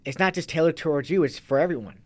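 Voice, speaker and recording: A man's voice: fairly high pitch, fast talker, a little mellow. Rambling male fitness coach. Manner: loose, rambling, restarts mid-sentence. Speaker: guest, fitness and kettlebell coach. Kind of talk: casual interview talk.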